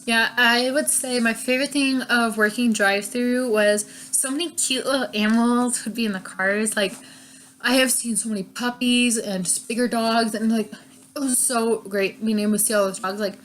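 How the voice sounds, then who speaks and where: Bright-voiced young woman telling stories. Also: on the high side, steady tone, normal speed. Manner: chatty, lots of fillers, laughs often. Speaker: vlogger. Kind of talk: casual storytime chat.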